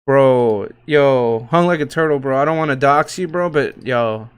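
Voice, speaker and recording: A man hosting a casual livestream, reading out market moves in a loose, joking, profane, slangy way with hype shouts. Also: medium pitch, unhurried, clean tone. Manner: hype shouts and laughs while reading tickers. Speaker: crypto livestream host.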